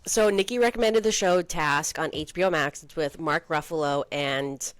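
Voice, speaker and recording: A young woman co-hosting a podcast in casual chat, peppering her talk with "like" and quick asides. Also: low-pitched, smooth, no room sound. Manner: chatty, heavy use of "like", quick asides. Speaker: podcast co-host.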